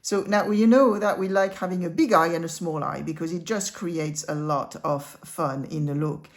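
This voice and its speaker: Woman drawing teacher, chatty step-by-step tutorial delivery, slightly low voice. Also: normal speed. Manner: chatty, talks the viewer through each stroke.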